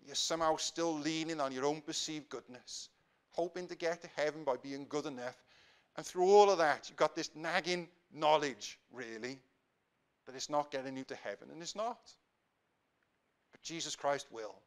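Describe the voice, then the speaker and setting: A man with a Welsh accent preaching a sermon in church, swelling to fervent emphasis and sinking to quiet prayer. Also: a little high, moderate pace, clean tone. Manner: rises to impassioned emphasis, then drops to quiet prayer.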